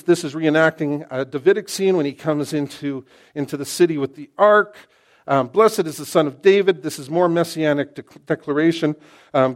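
A middle-aged man preaching a sermon in an animated, excitable, conversational way, often restarting his sentences. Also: fairly high pitch.

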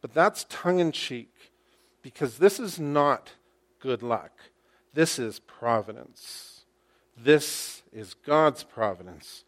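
A male pastor preaching a sermon to his congregation. He uses lively storytelling, rhetorical questions and wry humor. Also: mid-range voice, slow. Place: church, speaking to a congregation with slides.

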